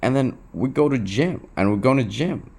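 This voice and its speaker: A man's voice: mid-range voice, lively intonation, normal speed, gravelly, a little mellow. A young man talking candidly to his camera, restless and emotional, who swears, repeats himself and keeps saying "bro.". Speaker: vlogger. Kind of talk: confessional talk to camera.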